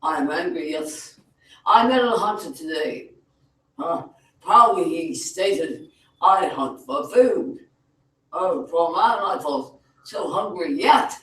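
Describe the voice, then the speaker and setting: Give me a man doing spoken word at an open mic, dragged-out delivery, going quiet then shouting, echoey room. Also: high-pitched, lively intonation, slow pace, far from the mic. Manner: theatrical, swinging from quiet to shouting. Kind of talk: spoken word poetry performance. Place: cafe venue.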